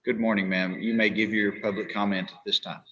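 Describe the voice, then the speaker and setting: Polite low-voiced man chairing a meeting. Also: little pitch movement, fairly quick, pushed and bright, slight background noise. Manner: polite, formal, courteous. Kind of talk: formal meeting moderation. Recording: dull lo-fi call audio.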